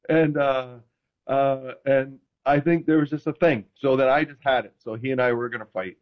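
A man telling stories in casual chat, animated and self-deprecating, acting out quotes. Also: medium pitch, normal speed, dull audio. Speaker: podcast host, former NFL quarterback.

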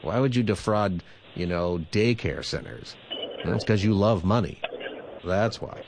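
A man hosting a call-in radio show as a pastor, talking in a relaxed, conversational way and repeating the phone number. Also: fairly low pitch, a little slow, vocal fry, background noise.

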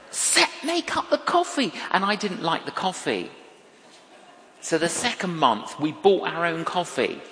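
A man delivers a sermon slowly and deliberately, spinning a wry personal story and hammering points home through repetition. His voice rings through a large hall with a long, roomy reverb. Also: high-pitched, a bit bright. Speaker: preacher.

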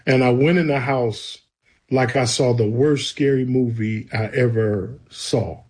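A man's voice: mid-range voice, a little slow, darkish tone, slightly rough. A man, a guest, earnestly telling his personal faith testimony in a conversation. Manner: storytelling, earnest and emphatic.

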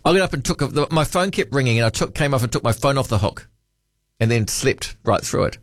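Talkback host, Kiwi man, lively up-and-down voice, dry close studio sound. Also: medium pitch, fast talker, no room sound. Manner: musing, chatty, reads out listener texts. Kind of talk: casual late-night radio chat. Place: radio studio.

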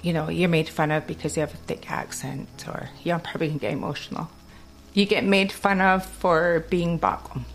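A woman's voice: sits low, a little fast. Laughing woman with a Kwakwala-tinged accent. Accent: Kwakwala-influenced English. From Alert Bay, Canada. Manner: laughs often, animated storytelling. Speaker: guest. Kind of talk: casual chat.

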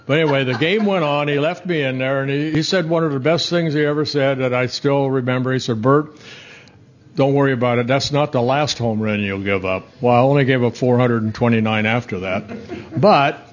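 A man's voice: medium pitch, a little hiss or hum. Older man telling rambling baseball-style anecdotes. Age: 60s. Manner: rambling, chuckling anecdotes with restarts. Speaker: former pitcher and broadcaster guest. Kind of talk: casual storytelling interview. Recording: slightly dull, muffled audio.

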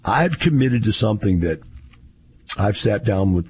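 A man's voice: on the low side, lively intonation, unhurried, a little mellow, husky. A man, rambling through a casual monologue in a folksy storytelling way.

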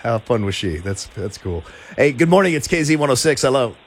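A man's voice: mid-range voice, big pitch swings, brisk, slightly rough. A man from Florida hosting a morning radio show, chatting with callers in a joking, teasing way. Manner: joking, teasing, laughs easily. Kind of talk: casual radio talk with callers.

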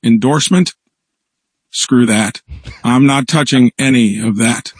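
A man's voice: medium pitch, a little slow, husky, no echo. A man's voice playing a crude, grumpy AI version of a governor in a comedy radio bit, blunt and dismissive. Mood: scornful.

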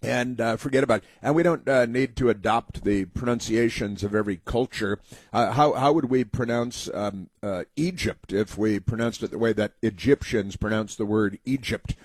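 A man hosting a political opinion monologue, halting and rambling with many fillers, in a sneering, sarcastic tone. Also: lowish voice, breathy edge, dry recording. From United States. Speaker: talk show host.

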